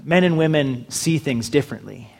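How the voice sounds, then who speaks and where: A man's voice: fairly high pitch, expressive, moderate pace, gravelly. A man preaching a sermon in a humorous, conversational way, acting out little dialogues with the audience. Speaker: pastor.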